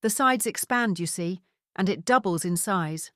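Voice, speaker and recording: A man's voice: sits high, expressive, measured pace, bright, forceful tone, no echo, clean studio sound, full character voice. A woman voicing a jovial Scottish father in his seventies, talking in a hearty, cheerful way. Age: 70s.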